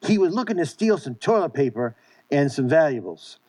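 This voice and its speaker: Earnest male pastor, slightly high voice. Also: very animated, normal speed, a little mellow. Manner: earnest, many restarts and repeated words. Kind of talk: sermon.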